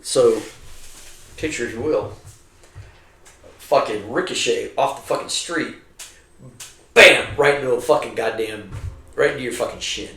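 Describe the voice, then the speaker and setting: Middle-aged male veteran storyteller, mid-pitched, swears constantly, animated delivery, recorded in an echoey room. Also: a little slow, pauses often. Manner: heavily profane, animated, acts out quotes. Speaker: army veteran telling war stories. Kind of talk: casual storytelling over drinks. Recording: roomy echo.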